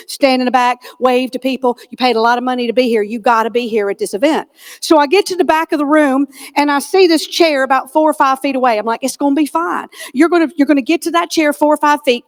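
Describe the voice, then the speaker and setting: A woman giving a comedic motivational keynote, folksy and self-deprecating, with punchline delivery on a conference stage. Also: high voice. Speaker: keynote speaker. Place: conference stage before a live audience.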